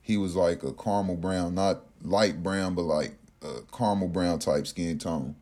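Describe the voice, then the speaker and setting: A man casually telling a personal story in an animated, profane way, acting out what others said. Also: low voice, normal speed. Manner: animated, profane, acts out quotes.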